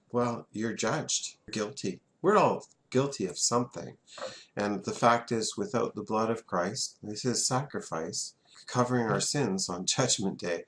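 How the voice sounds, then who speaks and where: A man, teaching a French class in a classroom and having students repeat words back. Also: on the low side.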